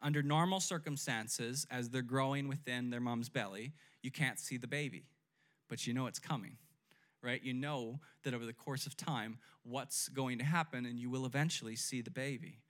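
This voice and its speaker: A man's voice: medium pitch, moderate pace, a bit bright. A young adult man preaching a sermon in a conversational way, often asking his listeners "right?" and leading them in call-and-response. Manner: leads congregation call-and-response. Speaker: pastor.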